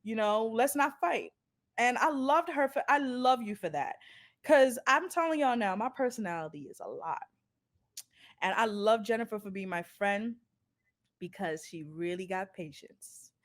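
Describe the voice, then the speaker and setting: A woman with a slightly high voice co-hosts a casual podcast. She tells stories in an animated, blunt and profane way, laughing often. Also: normal speed. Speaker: podcast co-host. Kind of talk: casual chat.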